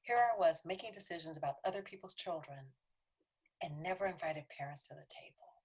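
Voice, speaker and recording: On the low side and fairly quick, with a breathy edge, a woman's voice carries an earnest, conversational training talk to a city council. She brings quoted voices to life and sometimes sinks to a whisper to underline a point.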